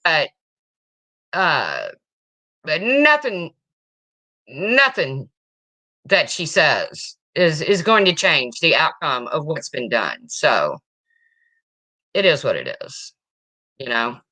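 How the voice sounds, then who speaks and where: Woman, low voice, bright tone, casual livestream chat, answers comments. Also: sing-song, slow, pauses often. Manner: chatty, reads and answers viewer comments. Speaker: livestream host.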